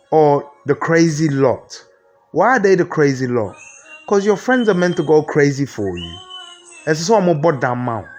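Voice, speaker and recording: A man with a Ghanaian accent giving a comic mock lecture, explaining word by word and asking rhetorical questions. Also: on the high side. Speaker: comedian.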